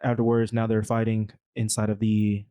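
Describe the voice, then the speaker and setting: Guy recapping a movie on his podcast, low mellow voice, rambly and slangy. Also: completely flat delivery, normal speed, smooth, dry recording. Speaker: podcast co-host.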